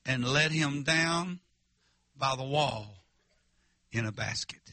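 A man's voice: mid-range voice, slow, sharp tone, dry recording. A male preacher, telling a story in a revival sermon in a folksy, emphatic way and calling out to the congregation.

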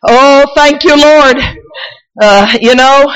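A woman preacher, shouting and crying out in a sermon, then telling folksy stories with many restarts. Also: high-pitched, dull audio. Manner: folksy storytelling with repeats and restarts. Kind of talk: sermon with personal testimony.

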